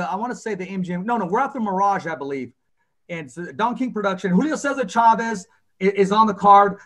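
High-voiced male boxing show host. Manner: animated, acts out quotes. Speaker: podcast host. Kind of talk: storytelling in casual interview.

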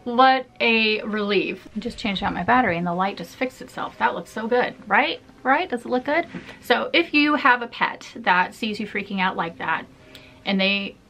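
Bright-voiced woman chatting to camera. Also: medium pitch, expressive, moderate pace. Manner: chatty, open, laughs often, many fillers. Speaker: vlogger. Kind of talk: casual personal vlog talk.

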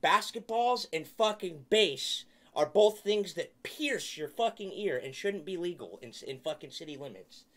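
A man's voice: high voice, lively intonation, a little slow, few pauses. Furious, swearing male streamer ranting. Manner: furious, cursing and shouting.

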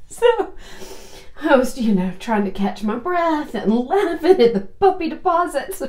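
A woman recounts a personal mishap in a relaxed, unhurried way, her pitch leaping up and down as she goes. She breaks into laughter often. The room around her rings with echo. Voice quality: laughs often, slow and animated, drawn-out phrasing. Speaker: storyteller host. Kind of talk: casual personal anecdote.

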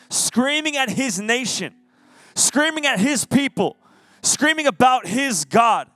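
High-voiced, lively young-sounding preacher man. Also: dry recording. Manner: energetic, casual and jokey. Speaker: youth pastor. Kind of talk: youth sermon. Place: youth service hall.

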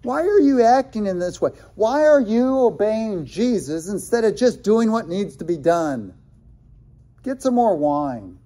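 A man's voice: sits high, sing-song, a little slow, dark tone, pitched above the performer's own voice, full character voice. A man doing a scoffing wedding guest. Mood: mocking. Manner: incredulous, needling questions.

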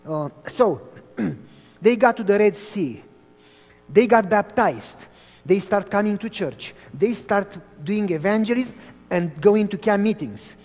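A man from Romania preaching a sermon as a pastor, telling stories in an animated way. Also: sits high, slow. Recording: long hall reverb.

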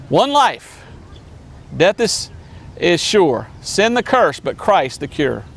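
High-voiced evangelist man preaching. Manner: emphatic, swings between high exclamations and low drops. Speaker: missionary evangelist. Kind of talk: sermon.

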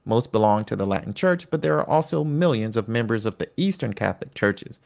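A man with a somewhat low, gravelly voice talks through a history lesson in a relaxed, conversational way. He breaks off into asides and personal stories as he explains. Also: brisk. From United States. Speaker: Catholic history presenter. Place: home in Virginia.

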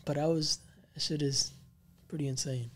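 A man's voice: fairly high pitch, fairly even intonation, normal speed. A man co-hosting a paranormal podcast, telling a creepy story in a rambling, slangy way with many fillers. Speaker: podcast co-host.

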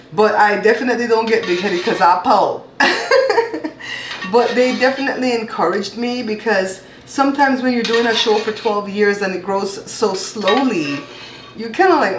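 A Belizean woman in her fifties hosts a home cooking show, making casual kitchen chat and teasing with a playful laugh. Her voice sits at medium pitch and moves at a moderate pace. The home kitchen sounds echoey, with a noisy background.

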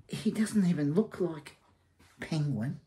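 Male reviewer, blunt and rambling, with a dark, mellow tone. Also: fairly high pitch, animated, takes it slowly. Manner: rambling, hesitant, blunt and scornful. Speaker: TV series reviewer. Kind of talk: casual spoken review.

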